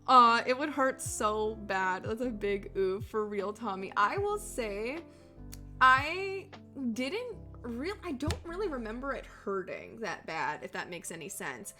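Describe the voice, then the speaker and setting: Chatty young woman with a higher voice. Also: very animated, a little slow, bright, forceful tone, soft background music. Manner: chatty, filler-heavy, laughs often, swears casually. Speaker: streamer reading chat. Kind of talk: casual chat.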